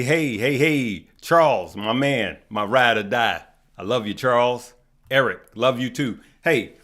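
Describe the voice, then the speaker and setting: Laid-back male stream host, slow and easygoing, calling out viewers by name. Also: medium pitch. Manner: unhurried, shout-outs to viewers by name. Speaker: stock market livestream host. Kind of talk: casual livestream chat greeting viewers.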